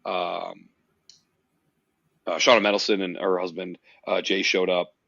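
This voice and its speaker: Low-voiced guy spinning a story on a podcast, cusses a lot, dull dry lo-fi sound. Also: unhurried, vocal fry, dry recording. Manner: animated storyteller, swears freely, puts on silly voices in quotes. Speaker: podcast host. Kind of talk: casual storytelling chat.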